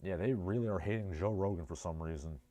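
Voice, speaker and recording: A man's voice: sits low, fast talker, mellow, dry recording. A man with a New Jersey accent hosting a casual livestream, reading chat messages and riffing with sardonic, rambling asides. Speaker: livestream host.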